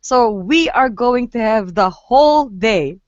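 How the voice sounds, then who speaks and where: A woman's voice: a little high, expressive, slow pace, lo-fi sound. A woman hosting a live online chat, talking chattily with fillers and lots of giggles. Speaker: host of a live photo-walk stream. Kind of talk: casual group chat. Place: Japan.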